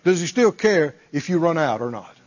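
A man's voice: on the high side, big pitch swings, normal speed, darkish tone, dull audio. A male preacher delivering a dramatic sermon, acting out pleading prayers and firing off rhetorical questions in folksy phrasing.

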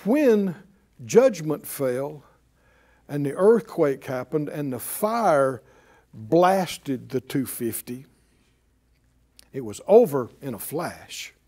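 Lively high-voiced male Bible teacher. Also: slow, long pauses. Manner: emphatic, asks the listeners rhetorical questions.

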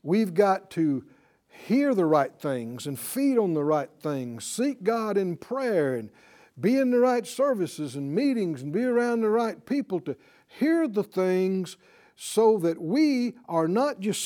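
A man preaching with a high, very animated voice that leaps up and down as he talks. He keeps the sermon lively, laughing often and tossing "right?" to his listeners. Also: slow. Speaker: pastor.

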